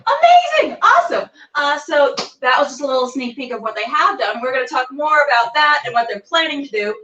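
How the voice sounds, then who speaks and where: High bubbly woman host on a call. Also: brisk, sharp tone. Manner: bubbly, exclamatory, loose fillers. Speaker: podcast host. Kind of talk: casual video-call interview. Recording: roomy, distant, dull video-call audio.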